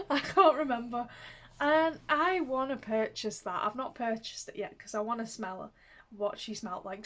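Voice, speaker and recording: A young woman speaks in a gentle, reflective way, slipping small soft laughs between her thoughts. Her voice sits a little high and she takes her time, letting words come out slowly. It has the easy feel of a personal vlog talked straight to camera. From England, Manchester. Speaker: vlogger.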